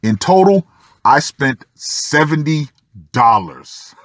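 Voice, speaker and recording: A man's voice: a little high, big pitch swings, slow, fairly bright tone, dry recording, studio quality. A man reading a first-person article aloud and breaking off for sardonic asides to the listener. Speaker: channel host reading an article.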